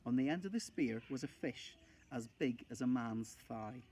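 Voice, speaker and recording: A male primary school teacher reading a children's novel aloud in a steady, expressive way. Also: mid-range voice, normal speed.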